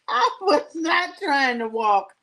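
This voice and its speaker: A woman's voice: sits high, very animated, slow pace, sharp tone, low-quality recording. A middle-aged woman hosting a live jewelry sales show, talking in a chatty, colloquial way and telling stories with frequent laughter. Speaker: shopping show host.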